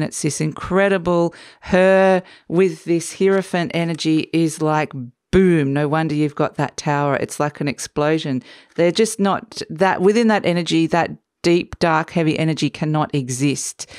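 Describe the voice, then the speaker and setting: Tarot reader lady, soft spiritual talk, smooth clear voice, dry close mic, a bit hoarse. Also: low voice, dry recording. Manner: gentle, spiritual, trails off and restarts. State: losing her voice. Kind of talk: tarot reading monologue.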